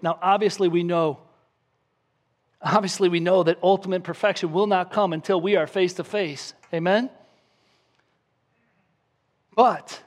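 A man with a high-pitched voice preaches to his congregation. He reads scripture aloud and drives his points home with emphatic repetition. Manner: emphatic preaching, acts out a crying baby with shouts. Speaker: pastor. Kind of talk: sermon.

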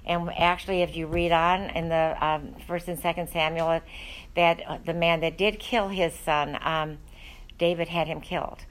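A woman's voice: low-pitched, fairly even intonation, moderate pace, low-quality recording. A woman teaching a Bible study, talking in an earnest, conversational way with frequent ums and uhs.

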